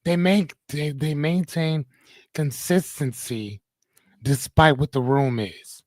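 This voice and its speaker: A man's voice: fairly high pitch, slow pace, no echo. Blunt, preachy man hosting a live podcast. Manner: preachy, blunt, addresses audience directly, swears casually. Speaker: podcast host. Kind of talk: live motivational podcast talk.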